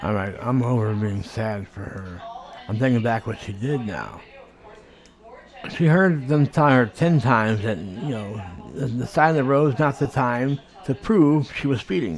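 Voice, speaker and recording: A man giving casual commentary on a video he is watching, talking conversationally and thinking aloud with hesitant pauses. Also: medium pitch.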